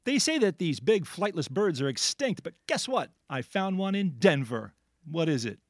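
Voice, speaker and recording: A man's voice: high-pitched, moderate pace, no room sound, clean studio sound. A man hosting a playful word quiz on a radio show, joking and laughing often. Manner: animated, jokey, laughs often. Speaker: quiz host.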